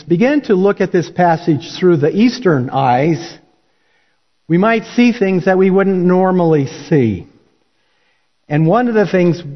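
Folksy preacher with a fairly high voice. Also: male voice. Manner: folksy, conversational storytelling. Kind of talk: sermon. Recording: dull lo-fi recording.

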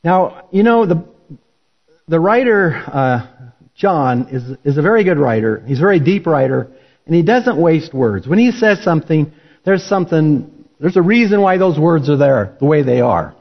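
Brief: male preacher, relaxed storyteller, slightly high voice, muffled lo-fi sermon recording. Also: moderate pace, gravelly. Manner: folksy, conversational storytelling. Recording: dull lo-fi recording.

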